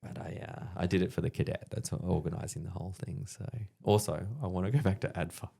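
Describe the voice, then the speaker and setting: A man in his thirties with an Australian accent, telling profane, animated stories in casual chat as a guest comedian. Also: low voice, fast, vocal fry, slightly rough.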